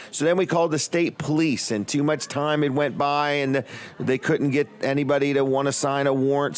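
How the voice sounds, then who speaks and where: A man hosting a local talk show, chatting in a folksy, joking way and often repeating himself. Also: a little high. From Delmarva Peninsula, US. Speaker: radio show host. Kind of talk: casual talk show chat.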